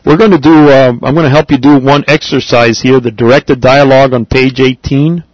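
A man from America, teaching a class, talking haltingly with many fillers and repeats. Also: medium pitch, fairly even intonation, no room sound, rough recording. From Latin America. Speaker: Spanish teacher. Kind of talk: classroom language lesson.

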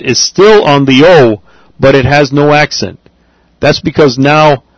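Slow, patient male language teacher. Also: mid-range voice, no echo, rough recording. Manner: patient, slow and deliberate, spells out words and repeats them. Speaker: Spanish teacher. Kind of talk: classroom grammar lesson.

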